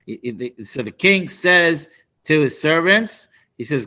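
A man teaching a Torah class, animated and prone to restarts and asides. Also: fairly high pitch, measured pace. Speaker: Bible teacher.

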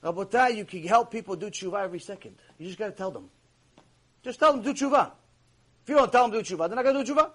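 A man's voice: sits high, lively intonation, fast talker, a bit bright. A man teaching a Torah class as a rabbi, preaching emphatically to a live audience and repeating key phrases. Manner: speaks straight to the audience with rhetorical questions. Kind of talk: sermon-style Torah lecture. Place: warm lecture room with a live audience.

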